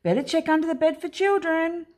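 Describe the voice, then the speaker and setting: A woman's voice: mid-range voice, big pitch swings, a little slow, creaky. A woman voicing an older male monster sibling who croons and growls to tease his little brother. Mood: teasing.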